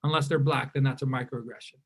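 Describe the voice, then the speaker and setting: A man from California leading an interactive diversity workshop, lively and often correcting himself mid-sentence. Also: medium pitch, quick pace, gravelly. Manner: animated, self-correcting, acts out quoted remarks.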